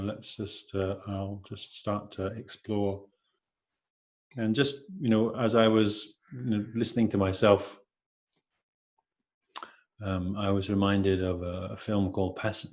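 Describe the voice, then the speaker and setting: A middle-aged man giving a gentle, halting meditation talk, full of hesitations and filler words. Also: low voice. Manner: gentle, hesitant, many "you know" fillers. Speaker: meditation teacher.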